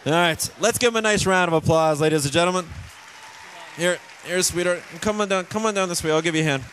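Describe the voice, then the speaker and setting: A man's voice: sits high, fast, fairly bright tone, a little hiss or hum. A man hosting a cruise ship talent show on stage, a joking, teasing showman working the crowd. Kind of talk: live stage emcee patter.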